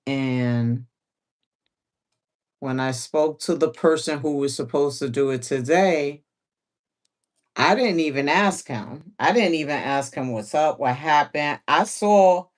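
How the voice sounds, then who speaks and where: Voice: mid-range voice, slow pace. A sewing livestream host chatting casually while working, laughing often and repeating phrases.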